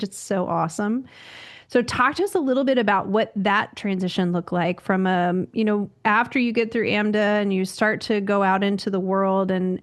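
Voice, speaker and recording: Woman host, mid pitch, encouraging interviewer. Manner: warm affirming, gushing praise. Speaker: podcast host. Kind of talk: interview conversation.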